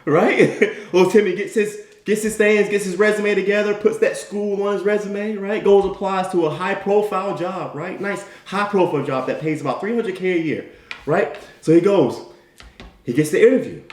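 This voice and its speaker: Brief: male motivational speaker, slightly high voice, punchy and emphatic, roomy echo. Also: moderate pace. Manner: emphatic, tag questions, storytelling. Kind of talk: motivational talk. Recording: echoey room.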